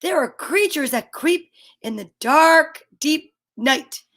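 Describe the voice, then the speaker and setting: A woman's voice: high-pitched, expressive, takes it slowly, fairly bright tone, exaggerated voice. A woman voicing a gooey male swamp monster in a storybook, with a soothing bedtime-warning manner.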